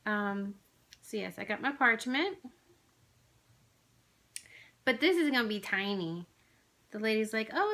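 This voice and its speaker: A flosstube vlogger rambles chattily through a casual craft haul video, using lots of fillers. Her mid-range voice is bright with a forceful tone.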